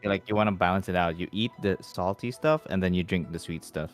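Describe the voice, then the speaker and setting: Very deep-voiced man, hesitant chatter. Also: quick pace, soft background music. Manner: hesitant, many restarts and fillers, easygoing. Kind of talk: casual chat on a stream.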